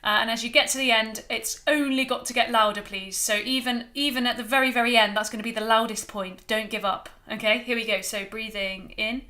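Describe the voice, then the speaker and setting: A woman leading a choir rehearsal, gently coaching breathing and warm-up exercises and counting breaths aloud. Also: on the high side, steady tone, a little fast, few pauses. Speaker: choir director.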